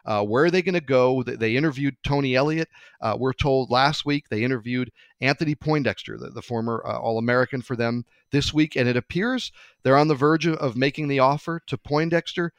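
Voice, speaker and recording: A man's voice: mid-range voice, brisk, smooth, no echo. A man hosting a sports talk show, chatting loosely with some hesitations and putting questions to his co-host.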